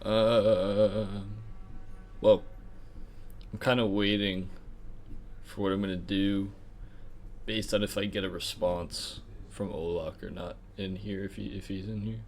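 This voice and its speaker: Low-voiced easygoing player. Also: male voice, level tone, slow pace, long pauses, a little hiss or hum. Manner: easygoing, thinking aloud. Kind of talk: casual tabletop play.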